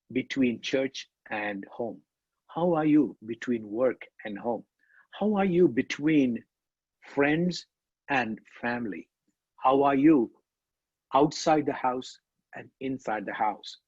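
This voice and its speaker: A man's voice: mid-range voice, slightly rough, no echo, highs cut off. A man speaking to parents in a church talk, emphatic, repeating and stressing his key words.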